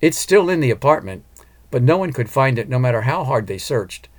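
In an audiobook, a man voices an earnest, determined woman who is an opera singer and a mother. His voice is medium in pitch, very animated, and a little fast.

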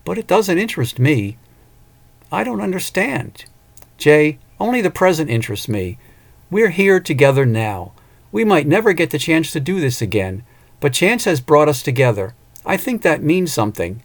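A man's voice: a little high, big pitch swings, normal speed, pitched above the performer's own voice. A man voicing a flirtatious traveling fortune-teller woman, teasing and playful, raising his voice for her. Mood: flirty.

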